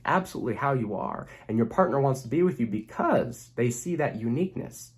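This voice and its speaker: A man's voice: medium pitch, big pitch swings, fairly quick, few pauses. A young man speaking earnestly as a relationship coach, giving a motivational self-help talk to the camera and repeating phrases for emphasis.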